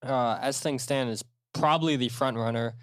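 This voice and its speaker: A man's voice: mid-range voice, normal speed, no echo, clean studio sound. A man hosting a solo podcast in a casual, rambling way, full of fillers and restarts as he tells stories. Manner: rambling, animated storytelling with many fillers and restarts. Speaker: podcast host.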